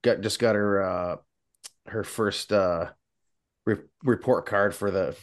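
A man in his forties co-hosting a casual podcast, talking in a halting way with many pauses. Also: fairly low pitch, fairly even intonation, dry recording, clean studio sound. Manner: halting, lots of filler pauses. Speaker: podcast co-host. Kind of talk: casual chat.

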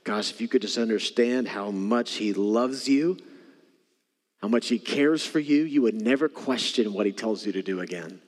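Pastor preaching in a reverberant hall. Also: male voice, fairly low pitch, normal speed. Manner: shifts between soft near-whispers and raised preaching. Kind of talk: sermon. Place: church hall.

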